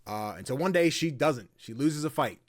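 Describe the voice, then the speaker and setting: A man co-hosting a podcast in casual chat, retelling a video game in an animated way and swearing casually. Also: on the high side, moderate pace, dry recording, studio quality. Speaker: podcast co-host.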